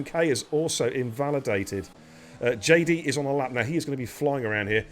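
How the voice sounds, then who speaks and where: A man's voice: medium pitch, expressive, brisk. A man giving live sim racing commentary, chatty and bantering with viewers and his co-host. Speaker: race commentator.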